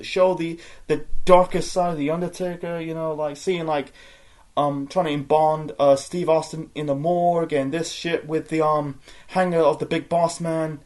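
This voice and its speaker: A man giving a rambling, profane spoken wrestling review, full of fillers and restarts. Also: a little high.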